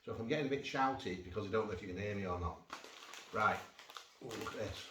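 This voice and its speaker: A man's voice: on the low side, quick pace, pushed and bright. A man chatting through a casual food vlog, rambling with jokey asides, recorded on a phone without an external mic. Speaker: food vlogger. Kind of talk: casual cheese-tasting vlog. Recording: roomy, distant phone mic, faint noise.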